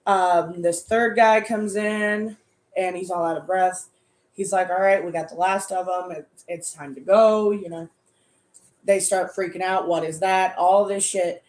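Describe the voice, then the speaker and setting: A woman's voice: on the low side, unhurried. Casual swearing woman, echoey room. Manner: animated, swears freely. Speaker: player recapping a tabletop game. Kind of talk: casual recap chat.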